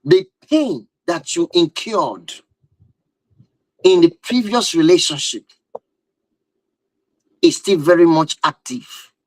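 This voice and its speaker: A man's voice: fairly high pitch, animated, slow pace, pauses often, dry recording, poor audio. Emphatic man firing rhetorical questions. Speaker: relationship and marriage speaker. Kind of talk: live-stream talk to viewers.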